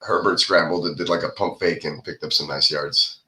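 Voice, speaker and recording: A man's voice: rumbling low, steady tone, normal speed, a loud crowd. A man co-hosting a podcast, chatting casually and calling plays while watching a football game. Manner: play-by-play remarks, laughs often. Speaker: podcast co-host.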